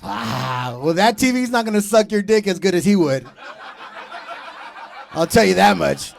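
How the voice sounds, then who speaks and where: A man in his thirties hosting a comedy show, doing loud, profane, teasing crowd work from a club stage. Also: high-pitched, expressive, a little slow, gravelly.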